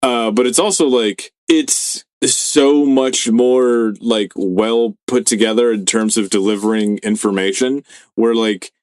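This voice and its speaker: A man's voice: mid-range voice, fairly even intonation, a little slow, few pauses, a little mellow, dry recording. A man co-hosting a podcast in casual chat, swearing a lot and rambling with many fillers. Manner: profane, rambling, heavy fillers. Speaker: podcast co-host.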